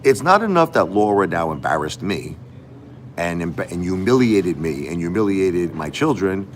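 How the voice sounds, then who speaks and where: A man's voice: low-pitched, very animated, moderate pace, a little hiss or hum. A middle-aged man hosting a livestream, venting emphatically and repeating himself as he talks straight to his viewers. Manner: emphatic, repetitive, addresses viewers directly. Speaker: livestream host. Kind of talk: emotional livestream rant.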